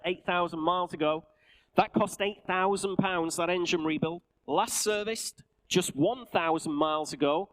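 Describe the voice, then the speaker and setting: A man with a Northern English accent calling bids at a live car auction, with rapid patter and jokey asides. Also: high voice, fairly bright tone, clear, resonant tone, rough recording. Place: auction sale room.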